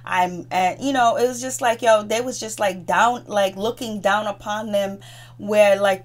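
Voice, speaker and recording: A woman's voice: medium pitch, steady tone, measured pace. Woman doing a casual gossipy tv recap, chatty, keeps restarting her sentences. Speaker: TV recap host.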